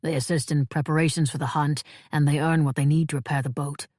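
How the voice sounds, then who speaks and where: A woman voicing a wise, calm male monk in an audiobook, speaking in a measured, solemn way. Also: low-pitched, dry recording, clean studio sound. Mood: grave. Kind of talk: audiobook character voice.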